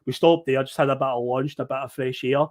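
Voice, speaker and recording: A man with a Scottish accent telling an animated, swear-laden story as a podcast guest on an online call. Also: mid-range voice, quick pace. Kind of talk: casual storytelling.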